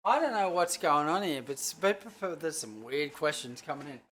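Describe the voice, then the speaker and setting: Chef host, casual livestream cooking chat, rambling, a bit sweary, middle-pitched voice. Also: expressive, normal speed, a bit bright, a little hiss or hum. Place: home kitchen.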